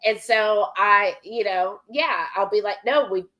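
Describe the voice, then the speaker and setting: A woman's voice: medium pitch, unhurried, bright, forceful tone. A woman co-hosting a live cooking stream, chatting casually and laughing often. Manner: chatty, laughs often, reads viewer comments. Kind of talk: casual chat.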